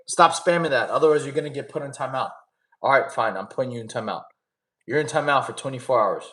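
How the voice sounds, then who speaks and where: A man's voice: fairly high pitch, fairly bright tone. Chatty man streaming to his chat, echoey room. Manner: laid-back, chatty, laughs often, addresses chat as y'all. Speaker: streamer answering chat questions. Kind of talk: casual livestream chat.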